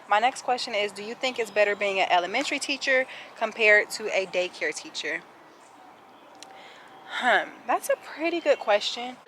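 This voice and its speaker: A young woman in her twenties answers viewer questions while walking outside, winded and talking straight to her viewers. Her voice is bright and sharp, a little higher than most, and she has a sassy, chatty way of speaking. Faint outdoor noise sits under the handheld camera audio. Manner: chatty, sassy, addresses viewers as sis and y'all. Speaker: kindergarten teacher and vlogger. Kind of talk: casual Q&A vlog.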